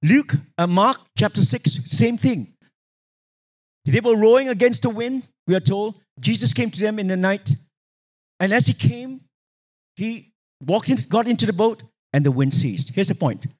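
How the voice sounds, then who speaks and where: Man, preacher, high voice, animated sermon storytelling, calls for congregation responses. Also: unhurried. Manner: animated storytelling, acting out quoted voices, sudden pitch jumps.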